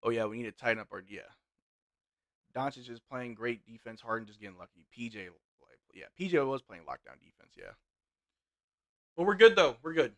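A man hosting a live basketball watch-along, reading chat aloud and reacting, swinging from loud hype to quiet mutters. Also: medium pitch, expressive, fairly quick, dry recording, clean studio sound.

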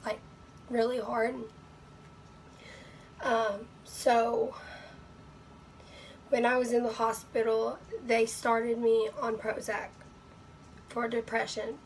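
A woman vlogger talking casually to camera in her bedroom, hoarse with her voice nearly gone, rambling with many fillers and slipping into whispers. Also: fairly high pitch, monotone, slow pace, pauses often, a little hiss or hum, low-quality recording.

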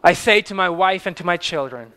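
A man's voice: high voice, expressive, fairly quick, sharp tone, clean tone, voice pushed up. A man voicing a devout, steadfast pastor who speaks solemn, fervent words of faith. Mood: solemn farewell. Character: devout, steadfast male pastor facing death.

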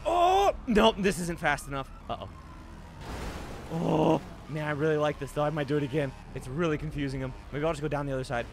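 A young man giving casual gameplay commentary as a streamer. He talks to himself, gets excited fast and yells out in bursts. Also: a little high, background noise. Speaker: gaming streamer. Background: background music.

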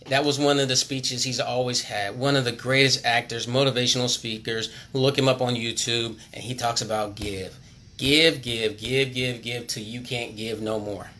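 A man who sells cars, speaking unscripted on a charity livestream, earnest and repetitive, sometimes dropping to a hush. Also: mid-range voice, slight background noise. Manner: earnest, repetitive, preachy, drops to hushed tones. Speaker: car salesman on a charity livestream. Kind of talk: impromptu motivational appeal.

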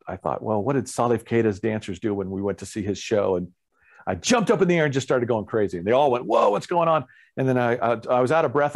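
A man who is a guest musician, telling an animated story in a casual interview and acting out other people's lines. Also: medium pitch.

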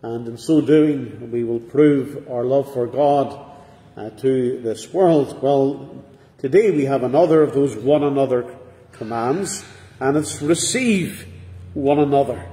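A middle-aged man preaching a sermon in a measured, earnest way, with pauses. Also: medium pitch, mellow. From Northern Ireland. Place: church. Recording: echoey hall with long reverb.

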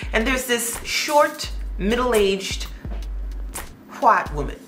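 A woman's voice: lowish voice, a bit bright, roomy sound. A woman telling a story in a casual, chatty way, with joking asides to her listeners.

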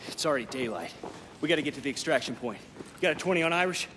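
A man playing a gruff squad leader. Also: on the high side, expressive, rapid-fire, noisy background, natural voice. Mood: commanding. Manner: clipped military radio talk. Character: gruff male squad leader giving orders. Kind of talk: video game cutscene acting. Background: music.

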